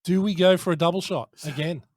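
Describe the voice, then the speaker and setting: High-voiced man, flustered. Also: fairly quick, dry recording, clean studio sound. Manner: exclamatory, flustered banter. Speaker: podcast co-host. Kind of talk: casual chat.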